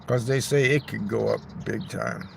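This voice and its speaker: Outdoors in a neighborhood park, a livestream host chats into his phone in a creaky, medium-pitched voice with fairly even intonation and a moderate pace. Slight background noise is audible as he rambles, jokes crudely and responds to chat.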